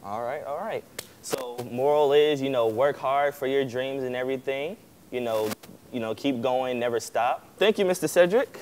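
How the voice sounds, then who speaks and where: A man's voice: mid-range voice, moderate pace, a little mellow, slight background noise. A young man, a student segment host, speaking in an easygoing way as he wraps up. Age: young adult. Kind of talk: casual hosting.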